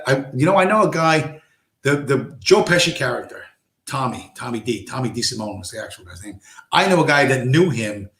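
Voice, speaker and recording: A man's voice: mid-range voice, fairly bright tone, reverberant. A man hosting a casual live stream, rambling through stories, swearing and acting out quoted lines. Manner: rambling storyteller, acts out quoted tough-guy lines, swears.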